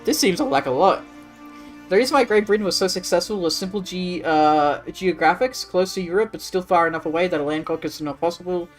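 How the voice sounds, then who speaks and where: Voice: medium pitch, brisk, faint music behind. An Australian streamer chatting casually during a live strategy game, answering chat in a rambling way with plenty of swearing.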